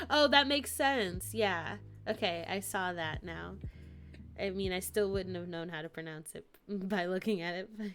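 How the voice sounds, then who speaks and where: A woman in her twenties or so chats with her viewers on a live stream, giggling often and drifting from thought to thought. She talks at an unhurried pace in a middle-pitched voice. Faint music plays quietly behind her. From United States. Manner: giggly, rambling, chatting with viewers. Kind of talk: casual live-stream chat.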